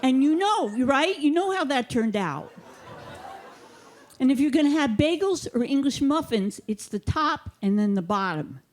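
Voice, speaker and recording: A woman performing a stand-up comedy set on a theater stage, delivering her jokes with a deadpan, mock-authoritative manner into a handheld mic. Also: high voice, unhurried, slight background noise.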